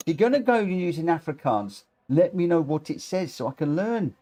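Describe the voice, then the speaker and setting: Chatty uk guy hosting his racing game stream, reads out results and chat, kinda higher voice. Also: very animated, normal speed, dark tone. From United Kingdom. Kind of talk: live-stream commentary.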